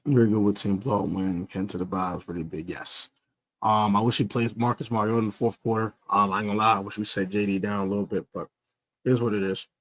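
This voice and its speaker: A man with a fairly low voice hosting a casual postgame fan livestream. He rambles through fillers and false starts and trash-talks rival fans. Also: steady tone, fast talker, dry recording. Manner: rambling with many fillers and restarts, trash-talking. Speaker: fan podcast host. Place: stadium area after a game.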